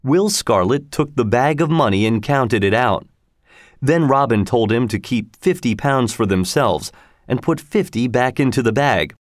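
A man's voice: medium pitch, animated, unhurried, dry recording, clean studio sound. Man reading a storybook aloud. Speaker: narrator. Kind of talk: storybook narration.

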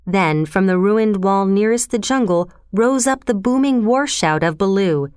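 A woman narrating a storybook in a calm, expressive reading. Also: medium pitch, unhurried, smooth, dry recording, clean studio sound.

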